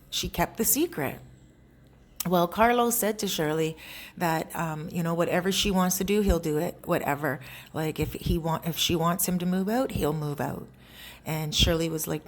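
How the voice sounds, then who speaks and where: A woman telling a story in a casual, animated, conversational way with chatty asides. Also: on the low side, a little hiss or hum.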